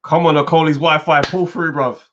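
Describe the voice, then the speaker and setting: A man, co-hosting a podcast, joking and animated in banter. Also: on the high side, fairly quick, a little hiss or hum. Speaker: podcast co-host. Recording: dull lo-fi sound.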